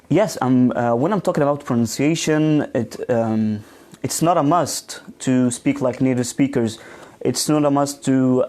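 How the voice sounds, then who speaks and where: A man giving a live online pronunciation lesson, speaking slowly with frequent ums and restarts and reading out viewer comments. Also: medium pitch, dark tone. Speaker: English teacher trainer. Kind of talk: live online teaching session.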